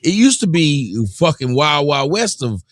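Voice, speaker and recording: A man hosting a casual podcast chat, animated and joking as he moves the talk along. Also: on the high side, unhurried, no echo, clean studio sound.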